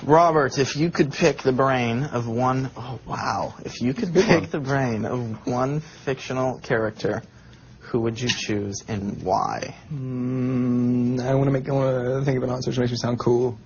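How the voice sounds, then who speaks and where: A man's voice: mid-range voice, fairly even intonation, a little slow. A man interviewing a guest, asking playful questions and joking along. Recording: lo-fi with loud background noise.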